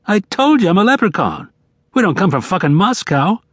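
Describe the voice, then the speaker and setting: A man's voice: high voice, sing-song, a little fast, no echo, voice pushed up. A man voicing a brash, profane, half-drunk bearded leprechaun who talks cockily and swears freely. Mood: cocky. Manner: cocky, swearing, pushy.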